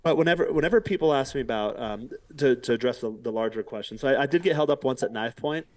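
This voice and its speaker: A man's voice: medium pitch, fast talker. A man, a podcast guest, telling a story casually and acting out quotes, with casual swearing. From United States.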